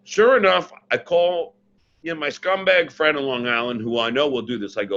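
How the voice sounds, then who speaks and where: A man telling a long prank story in casual chat, animated and self-mocking, recorded on his computer mic. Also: a little high, moderate pace, muffled recording, slight background noise. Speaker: podcast guest, former radio personality. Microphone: computer mic, not the podcast mic.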